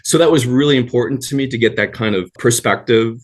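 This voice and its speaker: A man's voice: medium pitch, quick pace. A man talking as a guest in a casual interview, telling long anecdotes with a rambling flow. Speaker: guest actor and writer.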